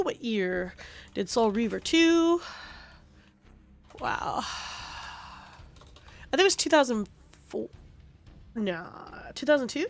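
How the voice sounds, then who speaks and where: A woman streaming a game, chatting casually in a rambling, profane and passionate way. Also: high voice. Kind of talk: casual gaming stream chat.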